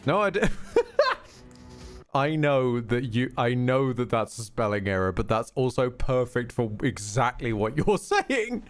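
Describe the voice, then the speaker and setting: A man streaming a video game jokes and swears his way through it in an unhurried, lively voice. His pitch swings widely as he reacts, while faint game music plays in the background. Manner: playful, crude, jokey. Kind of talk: casual gameplay commentary.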